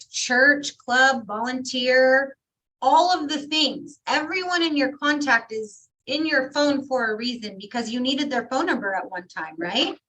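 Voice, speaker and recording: A woman's voice: sits high, bright, forceful tone, poor audio. A woman leading a training session, prompting her guest for examples.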